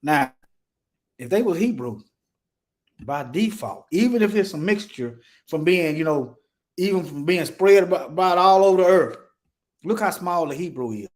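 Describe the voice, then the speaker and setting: High-voiced man, emphatic commentary. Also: lively intonation, moderate pace, a little mellow. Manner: emphatic, repeats words and points things out. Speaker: commentator showing on-screen material. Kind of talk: casual commentary.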